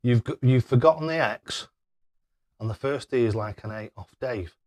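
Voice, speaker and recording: A man's voice: mid-range voice, moderate pace, darkish tone. An older man chatting casually on a live stream, reading out viewer messages and throwing darts, laughing often and fumbling over tricky names. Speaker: darts livestreamer reading chat.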